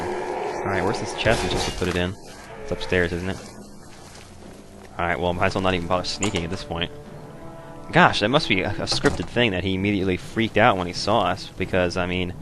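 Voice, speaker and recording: A young man giving laid-back, rambling commentary as he plays a video game, now and then breaking into loud joking voices. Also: sits low, fairly even intonation, fairly quick, pauses often, noisy background. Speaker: let's play host. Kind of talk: casual gameplay commentary.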